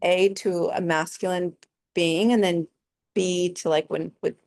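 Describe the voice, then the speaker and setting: A woman with a low, gravelly voice speaks over a video call in a dry, close sound. She talks softly and tentatively, hedging with fillers as she shares her feelings. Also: steady tone, a little slow, no echo. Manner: soft, tentative, many fillers. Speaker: session participant. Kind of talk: casual conversation on a video call.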